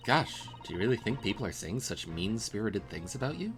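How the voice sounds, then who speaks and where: A man's voice: lowish voice, big pitch swings, brisk. A prim, spirited young woman assistant speaks in a raised, proper voice, as a man puts her on. She sounds a little indignant, formal and correct. Game music plays behind her. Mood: fretful.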